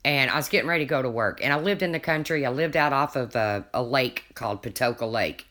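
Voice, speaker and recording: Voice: mid-range voice, fast, sharp tone. Rambling chatty livestreamer telling stories. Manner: chatty, rambling, restarts often, laughs at own stories. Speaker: livestreamer answering chat. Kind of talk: casual rambling storytelling.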